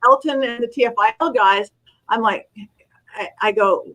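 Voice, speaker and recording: A middle-aged woman with a fairly high voice tells a story in a casual interview. She talks with lively energy and slips into the voices of the people she describes. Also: moderate pace, low-quality recording. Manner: animated storyteller, acts out quoted voices. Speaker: guest psychic medium.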